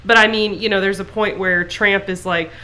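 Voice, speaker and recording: A woman's voice: medium pitch, steady tone, moderate pace, bright, forceful tone. A woman co-hosting a podcast in casual chat, rambling with lots of filler phrases. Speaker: podcast co-host.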